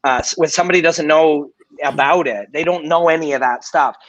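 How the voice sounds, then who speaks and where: Middle-aged man, former-fighter host on a watch-party stream, slightly high voice, candid and swearing, muffled lo-fi sound. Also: fairly quick, fairly bright tone, no room sound. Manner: candid, rambling, swears freely. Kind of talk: casual live-stream commentary and storytelling.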